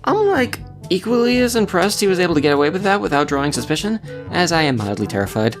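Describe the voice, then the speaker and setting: Female let's-play commentator, casual and animated, lively wide pitch; clear music bed under the voice. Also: fast talker. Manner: animated, expressive, often jumps high in pitch when surprised. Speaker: gameplay commentator. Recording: music playing behind the voice.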